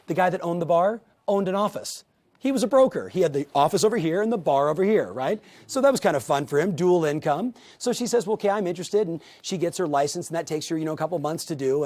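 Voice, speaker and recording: High-voiced man giving a sales training talk. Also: a little mellow. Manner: storytelling, addresses viewers directly, acts out quoted voices. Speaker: real estate sales trainer.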